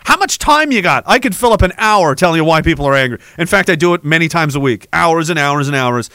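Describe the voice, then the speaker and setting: A man ranting on his podcast. His voice sits high and sounds bright and sharp. He is angry, sarcastic and swears freely, and the sound is dry and close. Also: lively intonation, quick pace, no echo. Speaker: podcast host.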